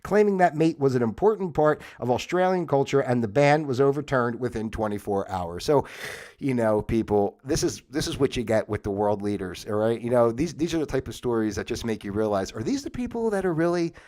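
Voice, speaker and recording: A man's voice: medium pitch, lively intonation, brisk, darkish tone. A man from the United States hosting a livestream, reading fun facts aloud and rambling off into commentary, often stopping and restarting mid-sentence. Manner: rambling, self-interrupting, stumbles over small words. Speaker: livestream host.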